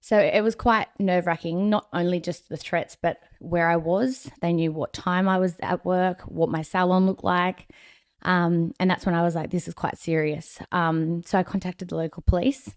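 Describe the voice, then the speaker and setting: A woman's voice: lowish voice, steady tone, moderate pace. A middle-aged woman, a guest telling her personal story frankly, with a lot of ums. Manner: candid, frank, with filler ums.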